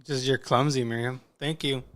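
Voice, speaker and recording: A man's voice: mid-range voice, steady tone, normal speed, no room sound. A young man co-hosting a podcast, joking and teasing in a casual way. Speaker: podcast co-host. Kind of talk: casual chat.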